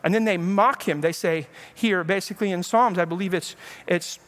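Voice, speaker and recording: A man's voice: sits high, moderate pace. A male pastor preaching a sermon, telling the stories with animation and acting out the quoted lines. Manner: animated storytelling preacher who acts out quotes.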